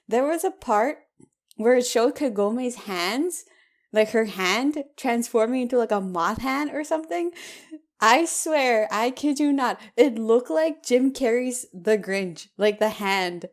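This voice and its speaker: A woman's voice: on the high side, animated, measured pace. A woman co-hosting a casual podcast, chatting about anime with frequent giggles. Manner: giggly, laughs often. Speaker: podcast co-host. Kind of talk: casual chat.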